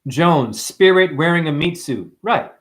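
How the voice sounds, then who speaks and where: A man hosting a livestream and ranting preachily at his viewers, swinging between hushed asides and loud outbursts. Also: fairly high pitch, lively intonation, unhurried. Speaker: livestream host and numerology teacher.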